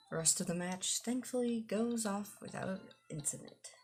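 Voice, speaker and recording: A woman's voice: mid-range voice, moderate pace, hardly any pauses, a little mellow, soft background music. A woman streamer reading a visual novel aloud, laughing in between and adding dry asides. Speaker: gaming streamer.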